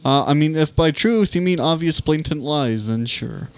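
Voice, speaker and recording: A vain storytelling bard from a tabletop game, all theatrical airs and snide remarks, as a man plays him at the table. His voice sits a little high and swoops up and down. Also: animated, normal speed, clear, resonant tone. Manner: haughty, theatrical. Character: boastful male human bard, pompous and snide.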